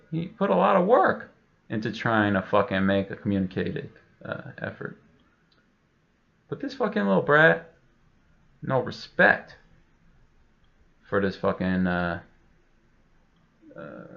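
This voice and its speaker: A man's voice: fairly low pitch, vocal fry, dull audio. A man telling a rambling, profane comic story, full of fillers. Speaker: comedian.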